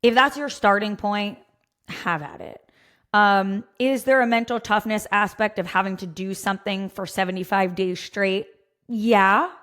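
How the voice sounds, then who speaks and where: A woman's voice: mid-range voice, steady tone, unhurried, a bit bright. Candid chatty woman co-host. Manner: candid, thinks aloud with many fillers. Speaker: fitness podcast co-host. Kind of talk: casual opinionated chat.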